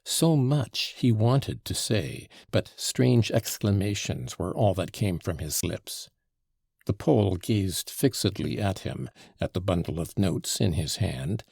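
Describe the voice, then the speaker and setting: A man narrating a classic novel as an audiobook in an expressive, dramatic reading. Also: lowish voice, gravelly, slightly rough, no echo, clean studio sound.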